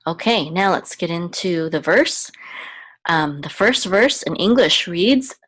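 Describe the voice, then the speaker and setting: A woman with a low voice teaches Biblical Hebrew at a slow, unhurried pace. She patiently repeats each word several times and checks in with her listeners often. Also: expressive, fairly bright tone. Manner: adds frequent "okay?" checks. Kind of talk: slow step-by-step language lesson.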